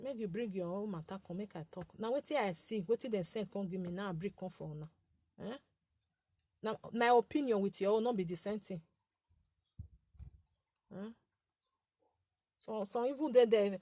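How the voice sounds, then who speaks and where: A Nigerian woman in her forties chats live with her page's followers in a light, girlish voice. She scolds, repeats herself and breaks into laughter, speaking at a middling pitch. The sound is close and dry. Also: mellow, no echo. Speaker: social media page host. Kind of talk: casual live chat with followers.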